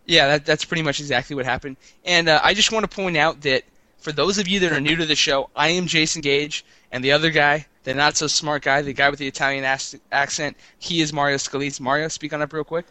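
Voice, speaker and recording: A man talks sports at a fast clip on a show he co-hosts, his tone bright and forward. He rambles, teases and trips over his words as he restarts sentences. The sound is dry and close. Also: fairly high pitch, fairly even intonation, no echo. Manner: rambling, stammering restarts, teasing. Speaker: podcast co-host. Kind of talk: casual sports talk.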